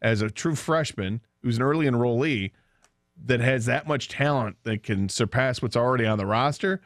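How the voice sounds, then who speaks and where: A man's voice: medium pitch, moderate pace, no room sound, clean studio sound. Man telling a story on sports radio. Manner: animated storyteller, laughs while telling. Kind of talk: casual sports radio chat.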